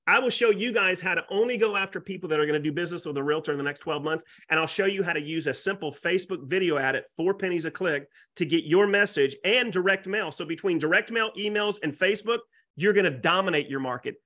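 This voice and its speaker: A man, a realtor and YouTuber, pitching as a guest speaker on a webinar with excitable, salesy energy and folksy exaggeration. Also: fast talker. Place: Florida.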